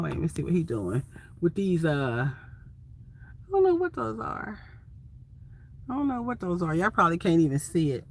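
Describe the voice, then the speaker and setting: A van-life vlogger from Ohio, USA, chats casually and expressively with viewers during a phone livestream, her mid-range voice a bit bright.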